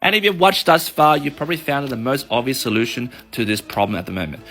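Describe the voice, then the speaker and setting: Bright-voiced Australian man, animated explainer. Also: mid-range voice, fast, hardly any pauses, soft background music. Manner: animated storytelling with sound effects and swearing. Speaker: mortgage broker. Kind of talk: casual explainer monologue.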